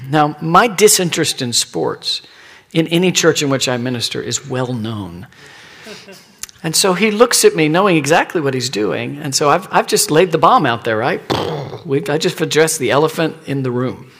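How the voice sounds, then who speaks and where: A middle-aged man preaching a sermon as pastor, telling a personal story and dropping at times into hushed, near-whispered asides. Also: fairly high pitch, expressive, normal speed, creaky.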